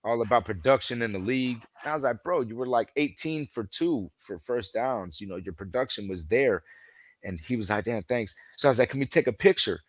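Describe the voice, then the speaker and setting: A man's voice: medium pitch, lively intonation, fairly quick, no echo. Man, podcast guest, casual rambling storyteller, acts out quotes, dry sound. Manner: leans heavily on "you know" fillers. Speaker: podcast guest, football fan. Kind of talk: casual chat.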